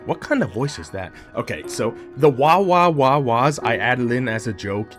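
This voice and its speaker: A man's voice: mid-range voice, lively intonation, normal speed. A man casually commenting on a video game, joking and exasperated as he talks to the characters. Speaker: gaming video host. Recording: loud game music and chorus behind voice.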